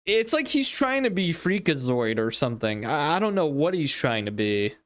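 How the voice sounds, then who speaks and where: A man's voice: fairly high pitch, sing-song, moderate pace, a bit bright. Exasperated man reacting to clips. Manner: incredulous, exasperated, laughs often. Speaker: livestream commentary host. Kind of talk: casual reaction commentary.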